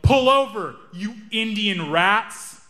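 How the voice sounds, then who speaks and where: Brief: enraged, belligerent bully, high-pitched and shouting, put on by a comic. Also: male voice, huge pitch swings, moderate pace, in a large hall, full character voice. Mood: menacing. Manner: yelling, menacing. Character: furious aggressive man, hot-headed bully.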